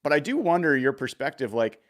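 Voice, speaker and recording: Rambling podcast host asking long questions. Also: male voice, mid-range voice, big pitch swings, brisk. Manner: rambling questions with many fillers. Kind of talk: casual podcast interview.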